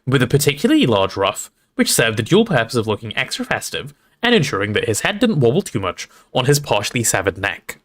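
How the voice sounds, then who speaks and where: A man reading a storybook aloud to a livestream audience in an expressive, relaxed storytelling manner. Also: mid-range voice, a little fast, few pauses. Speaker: streamer reading aloud to chat.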